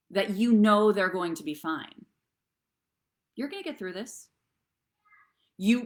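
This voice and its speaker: Low-voiced woman giving earnest advice. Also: a bit bright. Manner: earnest, encouraging, addresses viewers directly. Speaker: host and therapist. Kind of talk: live online talk show advice.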